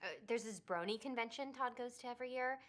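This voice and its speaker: An actress playing a chatty, teasing young bride in a video game. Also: female voice, on the high side, fast talker, fairly bright tone, natural voice.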